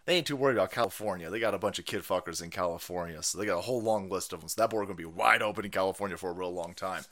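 A man hosting a ranting political livestream, loud and mocking, laughing often and mimicking other people's voices. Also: sits low, very fast. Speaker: livestream host.

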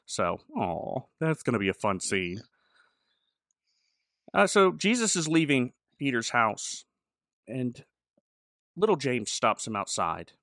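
A man's voice: medium pitch, measured pace, long pauses, no echo, studio quality. A man, a podcast co-host and pastor, chatting casually about a show and acting out the characters' lines as he retells scenes. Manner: animated, voices characters in quoted dialogue. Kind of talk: casual review chat.

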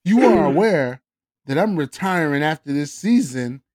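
A man's voice: extremely high pitch, lively intonation, unhurried, voice pushed up. A man putting on a smug, dismissive male athlete, reading his message aloud in a mock Canadian accent that tacks on "eh".

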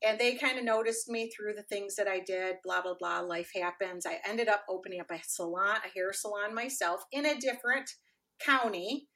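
Bright-voiced, animated middle-aged woman. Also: mid-range voice, normal speed. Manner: animated, acts out quoted dialogue, frequent fillers. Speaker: podcast guest. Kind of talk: casual interview storytelling.

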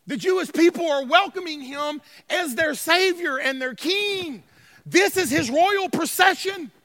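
A male pastor preaching a sermon, swinging from shouted declarations to hushed passages and calling out to the congregation. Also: very high voice, lively intonation, a little slow, no room sound. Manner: calls to the congregation, y'all. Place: church sanctuary.

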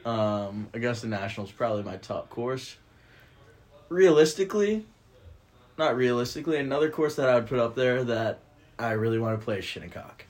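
Relaxed young male podcast guest. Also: fairly low pitch, a little fast. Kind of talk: casual sports chat.

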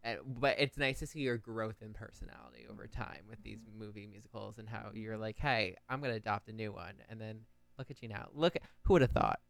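A young man with a smooth, resonant voice chats casually as a podcast co-host. He makes wry, joking remarks, and his voice sounds close and dry with no room echo. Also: lowish voice, fairly quick, few pauses. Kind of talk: casual chat.

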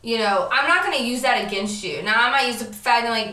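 Female co-host, bright tense voice, off-mic with room echo. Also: fairly high pitch, fast talker, distant mic. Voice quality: frank, emphatic. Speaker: podcast co-host. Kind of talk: casual chat. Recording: echoey, from off-mic.

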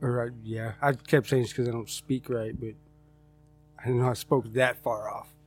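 A man's voice: medium pitch, normal speed, faint music behind. A man co-hosting a casual podcast, asking questions and chatting loosely with casual swearing. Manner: relaxed, curious, swears casually. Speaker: podcast co-host. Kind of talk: casual chat.

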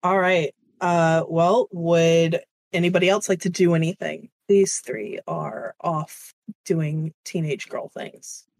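A woman running a tabletop game as game master, narrating casually with pauses and fillers. Her voice sits a little low, and the sound is dry and close. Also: steady tone, a little mellow, dry recording. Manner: casual, halting, with fillers and laughs.

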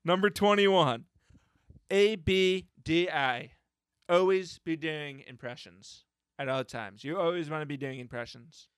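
A man's voice: fairly high pitch, measured pace, clear, resonant tone, no echo. A man hosting a casual podcast, reading out a list and joking with friends. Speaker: podcast host.

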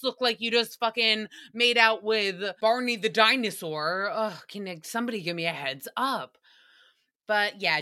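A woman's voice: a little high, pushed and bright. A woman in her thirties hosting a solo recap podcast, sarcastic, profane and rambling. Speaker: podcast host.

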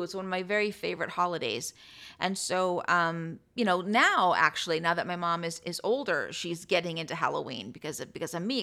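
An American woman hosting a podcast, telling personal stories in a chatty, halting way with many fillers and restarts. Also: lowish voice, a bit bright. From United States. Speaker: podcast host. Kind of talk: personal storytelling.

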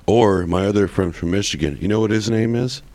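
Deep-voiced man swearing in casual chat. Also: fairly quick, darkish tone, dry recording. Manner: loose and profane, full of restarts. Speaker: podcast guest.

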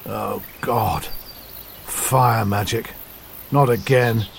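A man's voice: lowish voice, steady tone, very slow, vocal fry, slight background noise, heavily acted. A man playing a long-suffering farmer husband in a radio soap parody sketch, with a dry, matter-of-fact delivery. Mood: weary.

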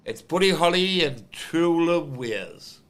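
A man's voice: on the high side, animated, takes it slowly, a bit bright. A man hosting a crude live-stream chat show, swearing often and crooning song lines. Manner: swears a lot, sings along, crooning. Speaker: show host.

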